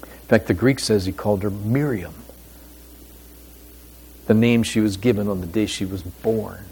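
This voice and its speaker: A man preaching a sermon as pastor, with a deliberate, emphatic delivery and pauses. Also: lowish voice, dark tone, a little hiss or hum.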